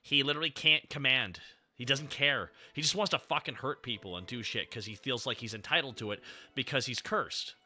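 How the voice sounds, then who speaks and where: A man hosting a casual ranking stream, telling stories in an excitable, profane rush. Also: mid-range voice. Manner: excitable, profane, fast storytelling. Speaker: streamer host.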